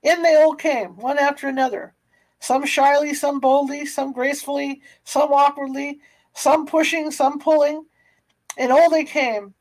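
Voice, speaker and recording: A woman's voice: high-pitched, rough recording. A woman narrating a classic novel aloud, sometimes stumbling and restarting words. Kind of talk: audiobook reading of a classic novel.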